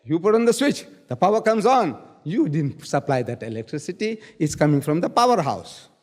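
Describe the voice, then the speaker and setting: A man's voice: on the high side, very animated, normal speed, a little mellow, long reverb tail. A man arguing in a public debate, quoting scripture and hammering his points with repeated words. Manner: emphatic, quotes scripture, repeats key words. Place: lecture hall.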